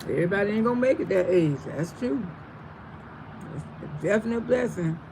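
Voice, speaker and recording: Speaking briskly at medium pitch with vocal fry, the host of a casual outdoor livestream sits under a tree reading viewer comments. She laughs often, stays animated, and warmly calls people "sugar" and "baby," with background noise throughout.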